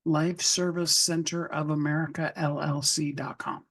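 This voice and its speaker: A man hosting an interview podcast, relaxed and reflective as he asks his guest questions. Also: fairly high pitch, moderate pace. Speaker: podcast host. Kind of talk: casual interview talk.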